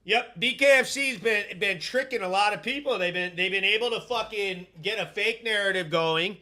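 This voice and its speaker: A man hosting a live stream on his own, reading out viewer comments and giving shout-outs in a loud, profane, hyped way. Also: sits high. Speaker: host.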